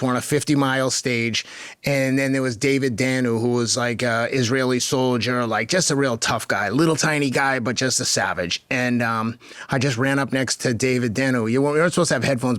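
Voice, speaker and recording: A Boston man in his fifties talks as a guest, casual and candid, laughing often and swearing now and then. His voice sits at an ordinary pitch. The sound is dry and close, with no room around it. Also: fairly bright tone, dry recording. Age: 50s. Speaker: guest, marathon runner. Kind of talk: casual storytelling.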